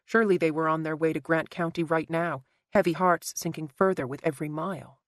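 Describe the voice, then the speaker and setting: A woman narrating a thriller audiobook in a measured, even storytelling manner. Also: low-pitched, no echo. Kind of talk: scripted narration.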